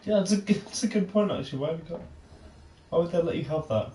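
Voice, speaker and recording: A man's voice: a little high, quick pace, warm tone, recorded from a distance. A man co-hosting a game playthrough, chatty and teasing, laughing often. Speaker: let's play co-host. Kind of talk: casual gaming banter. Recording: roomy, faint noise.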